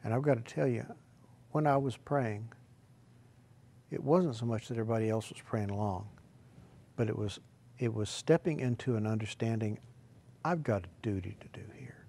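A man preaching a sermon, telling rambling folksy stories and swinging from quiet asides to loud, shouted emphasis. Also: medium pitch, fairly even intonation, normal speed, vocal fry, pauses often.

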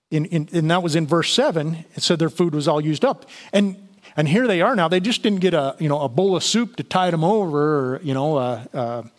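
Guy preaching, kinda higher voice, chatty bible teaching w/ lots of you-knows. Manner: conversational Bible teaching with fillers and restarts. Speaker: pastor. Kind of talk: sermon.

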